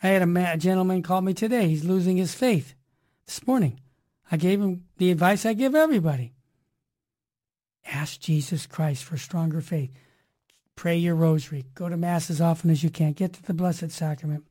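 A woman hosting a Catholic radio talk show, speaking in an energetic, preachy way and repeating rhyming slogans. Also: lowish voice, normal speed.

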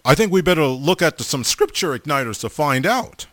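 Fortysomething guy preaching, a bit high voiced, stops and restarts a lot, dry close mic. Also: big pitch swings, a little fast, fairly bright tone, no room sound. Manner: repeats a name for the audience, stammering restarts, emphatic. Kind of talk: sermon.

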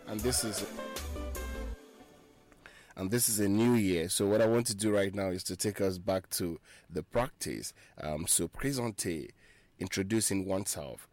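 A man's voice: fairly low pitch, a little mellow, dry recording. A man hosting a radio French lesson, repeating phrases and spelling words out letter by letter for listeners. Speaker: radio French teacher and show host.

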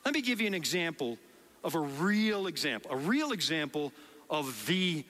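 A man's voice: on the high side, moderate pace, big-room sound. A middle-aged man with a Dutch accent preaching a sermon to a congregation, telling stories and acting out the quotes. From Netherlands. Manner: animated storytelling with acted quotes. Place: large hall before a congregation.

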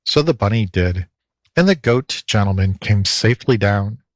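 A man's voice: lowish voice, animated, moderate pace, no echo. A man narrating a children's storybook for a volunteer audiobook.

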